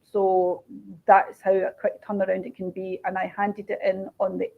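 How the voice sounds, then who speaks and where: A woman, a crime author chatting casually in an interview, animated and laughing as she talks. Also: mid-range voice, normal speed, gravelly. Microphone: video call. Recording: dull lo-fi video call audio.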